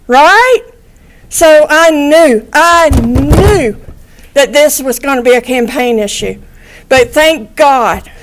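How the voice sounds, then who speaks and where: A middle-aged woman giving a raw, angry victim impact statement in a courtroom, blunt and swearing, repeating herself and at times near tears. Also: high voice.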